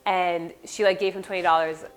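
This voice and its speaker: A woman, a former party clown telling stories in a casual vlog, profane and animated, with sound-effect fillers. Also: lowish voice, a little fast, faint music behind.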